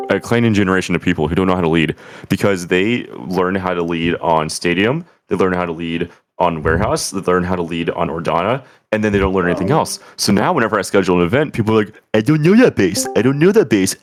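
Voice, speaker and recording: A young man giving an opinionated, lecturing talk about leading a gaming clan over voice chat, often repeating words. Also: low-pitched.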